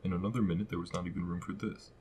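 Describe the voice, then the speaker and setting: A man reading a classic storybook aloud as narrator, in a steady, measured way. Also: low voice, a little hiss or hum, rough recording. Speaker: audiobook reader.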